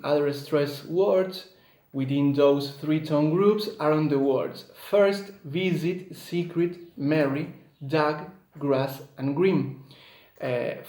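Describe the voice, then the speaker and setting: Slow, careful man in an echoey room. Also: on the high side, a little mellow. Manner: measured, with frequent filler hesitations. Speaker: student presenting an assignment. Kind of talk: read-aloud academic presentation.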